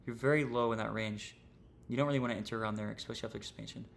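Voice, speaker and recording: A man's voice: fairly low pitch, steady tone, rapid-fire, vocal fry, a little hiss or hum. A young man teaching trading on a livestream, casual and rambling, full of slang and fillers. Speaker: trading streamer.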